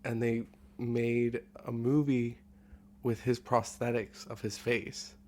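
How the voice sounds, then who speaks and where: A man's voice: mid-range voice, flat delivery, slow pace, darkish tone. A man guest on a podcast, chatting casually and joking like a playful storyteller. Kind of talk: casual chat.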